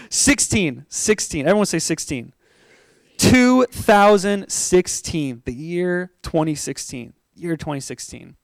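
A man from Oregon preaches through a personal story, animated and quick to laugh, acting out the people he quotes. His voice sits high and sounds smooth and resonant. The sound is close and dry. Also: no room sound. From Oregon, USA. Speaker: pastor. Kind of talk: storytelling sermon.

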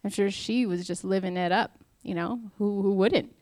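A woman's voice: medium pitch, moderate pace, a little mellow, no room sound. A married woman giving a casual devotional talk, chatty and self-deprecating, acting out the lines she quotes. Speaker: Bible study speaker.

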